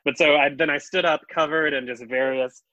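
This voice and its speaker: A man's voice: on the high side, fairly even intonation, a little fast, bright, forceful tone, dry recording. A man voicing a hapless, overeager male former TV actor who rambles eagerly as host of an improvised comedy podcast. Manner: eager, rambling, stumbling restarts. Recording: dull lo-fi mic.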